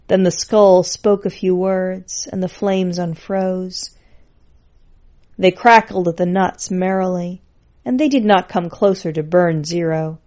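A woman's voice: on the low side, a little slow, darkish tone, lo-fi sound. Woman reading a storybook aloud.

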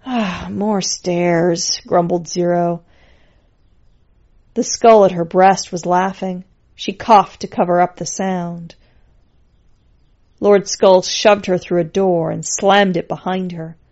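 A woman reading a story aloud in a steady, plain way. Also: on the low side, unhurried, dull audio.

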